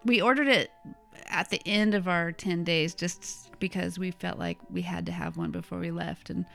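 Gravelly-voiced chatty woman. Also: on the low side, steady tone, moderate pace, a bit bright, faint music behind. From United States. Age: middle-aged. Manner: chatty, rambling, laughs often. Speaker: podcast co-host. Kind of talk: casual chat, travel storytelling.

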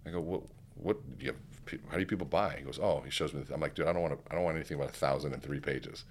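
A man with a very low, slightly husky voice tells a story at a quick clip as a podcast guest. He acts out each line people said to him, and his voice swings up when he gets animated. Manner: animated, acts out quoted dialogue. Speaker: podcast guest, keynote speaker. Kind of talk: storytelling in casual conversation.

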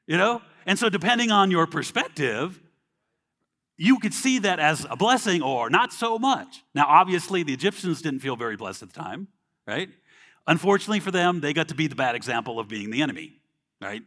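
A man's voice: on the high side, very animated, fairly quick, bright, forceful tone. A man preaching a sermon in a casual, conversational way, often checking in with "right?" and acting out quoted people in little voices.

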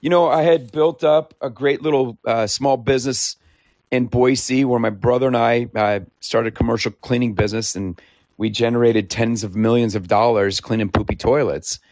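Chatty man from Idaho, mid pitch, dry close sound, an easy storyteller. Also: normal speed, no room sound. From Idaho, United States. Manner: talkative, animated, laughs often. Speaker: interviewee, founder. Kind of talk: conversational storytelling.

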